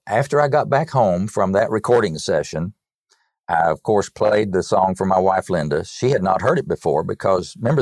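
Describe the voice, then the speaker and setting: Older male songwriter guest from North Carolina, low voice, dry close sound, lively storyteller. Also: dry recording. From North Carolina, USA. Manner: lively storyteller who repeats words as he goes. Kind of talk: storytelling in a podcast interview.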